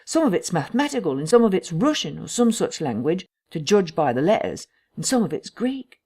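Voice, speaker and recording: A woman's voice: fairly low pitch, very animated, fairly quick, a little mellow, slightly rough, pitched above the performer's own voice, heavily acted. A woman voicing a nervous, fussy male village doctor in an audiobook. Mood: fretful.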